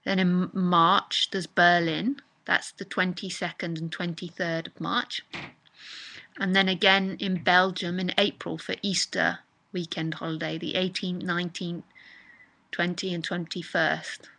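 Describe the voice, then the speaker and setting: A woman's voice: on the low side, level tone, measured pace, sharp tone, rough recording. A woman giving a live spiritual talk in a casual, chatty manner that circles back and repeats itself. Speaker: spiritual teacher.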